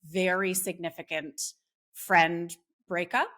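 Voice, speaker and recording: A woman's voice: on the low side, fairly even intonation, slow pace, a bit bright. A woman speaking as a podcast guest, talking earnestly with frequent fillers and restarts. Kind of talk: casual conversation.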